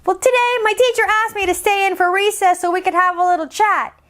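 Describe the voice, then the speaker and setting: A woman voicing a loud, chatty little girl with a brash, fast, shrill way of talking. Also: steady tone.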